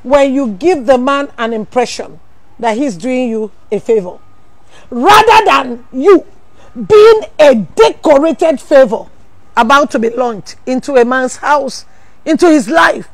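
A woman pastor, preaching a sermon full of rhetorical questions, teasing asides and sudden shouted emphasis. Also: high voice, expressive, unhurried, dry recording.

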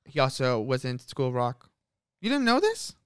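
Young co-host, gossipy and teasing, smooth mid-range voice, dry close recording. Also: medium pitch, wildly swooping pitch, dry recording. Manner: chatty, gossipy, teasing, quick laughs. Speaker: podcast co-host. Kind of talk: casual chat.

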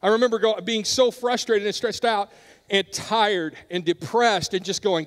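A middle-aged male pastor preaching with a high, bright-pitched voice. He talks in an earnest way and turns hushed during personal stories, and a long hall reverb trails after his words in the church. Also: steady tone, normal speed. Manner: earnest, drops softer when telling personal stories. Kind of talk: sermon.

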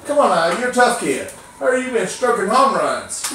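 A man's voice: sits high, big pitch swings, moderate pace, sharp tone, a little hiss or hum. A man performing as a children's clown and magician, teasing and coaxing a child in folksy playful banter. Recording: echoey room, mic far off.

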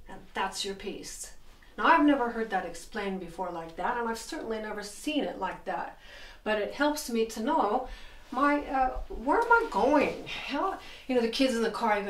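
Enthusiastic piano teacher, echoey room. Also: female voice, fairly high pitch, animated, normal speed, slight background noise. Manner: enthusiastic, explains while playing, counts beats aloud. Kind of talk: piano lesson. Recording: echoey room, distant mic.

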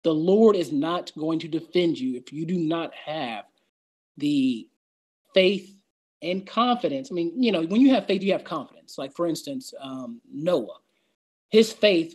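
A man's voice: a little high, lively intonation, measured pace, darkish tone, husky. Man teaching scripture conversationally. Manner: conversational, reads scripture aloud and acts out doubters' voices. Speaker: Bible teacher. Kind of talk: Bible study teaching.

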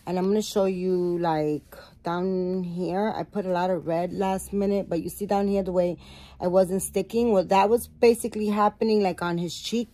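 A woman's voice: mid-range voice, warm tone. A middle-aged woman vlogging at home, chatting casually to her viewers, rambling and correcting herself as she goes. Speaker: doll-making vlogger.

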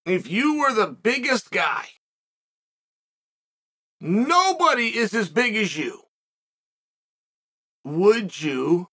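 A middle-aged man hosts a podcast, delivering a reflective commentary monologue packed with rhetorical questions and restarts. His voice sits high, a bit bright, with a breathy edge.

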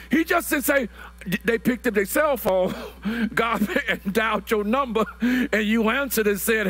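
A man, preaching a sermon that builds to shouted, drawn-out phrases, often repeating words. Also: very high-pitched. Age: 60s.

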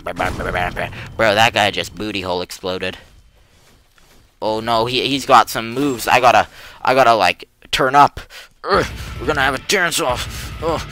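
A man's voice: medium pitch, sharp tone, slight background noise. Goofy young man narrating his gameplay. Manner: goofy, rambling, silly running jokes. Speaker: gaming youtuber. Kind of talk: casual gameplay commentary.

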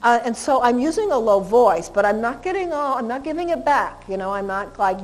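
A woman's voice: mid-range voice, animated, fast talker, hardly any pauses, darkish tone, low-quality recording. A middle-aged woman giving a lecture on dog behavior, chatty and often laughing, acting out dogs and people in quoted voices.

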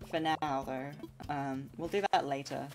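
A woman's voice: very deep voice, fairly even intonation, unhurried, darkish tone, soft background music. A woman streamer casually commenting on her gameplay, chatty and giggly, talking to herself.

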